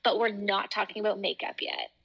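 A woman's voice: mid-range voice, fairly quick, gravelly, a bit bright, muffled recording. A young woman co-hosting a podcast, chatting casually and telling upbeat stories full of "like" fillers. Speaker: podcast co-host. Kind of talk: casual chat.

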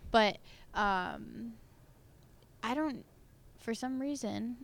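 A woman's voice: a little high, drawn-out words. A woman in her twenties, a podcast guest, talking casually with lots of "like" fillers. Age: 20s. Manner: casual, filler-heavy with lots of "like", laughs easily. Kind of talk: casual chat.

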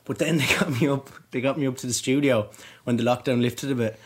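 A man's voice: mid-range voice, fast talker, slightly rough. An Irish man chatting as a podcast guest, telling rambling, self-mocking stories and laughing often. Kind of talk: casual podcast chat, storytelling.

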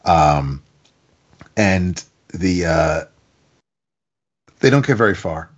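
A man's voice: low voice, lively intonation, very slow, husky, highs cut off. A man casually reviewing a comic, recapping the plot in a rambling way with stammered restarts.

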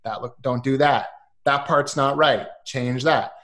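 A man's voice: medium pitch, measured pace. Chatty man telling a story. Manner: animated, acts out quoted voices, many ums. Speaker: guest. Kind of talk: casual storytelling chat.

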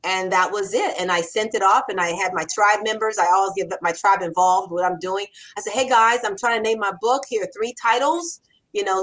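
Woman, 60s, animated, conversational, acts out quoted lines. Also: mid-range voice, rough recording. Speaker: copywriter and author. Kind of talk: conversational interview.

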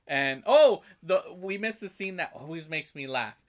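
Bright, animated man telling a story. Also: a little slow. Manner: animated storyteller, acts out lines with big jumps in pitch and loudness, swears. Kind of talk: casual chat recapping a film.

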